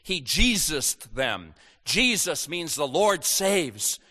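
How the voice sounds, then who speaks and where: A man's voice: a little high, sing-song, takes it slowly, sharp tone, husky, long reverb tail. A man preaching a sermon, teaching through scripture with emphatic rising stresses. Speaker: pastor.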